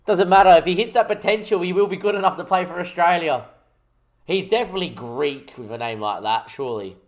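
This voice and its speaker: A young man hosting his gaming channel, chatting casually and jokily as he thinks out loud over gameplay. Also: high voice, fairly quick. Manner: rambling, jokey, thinks aloud while playing.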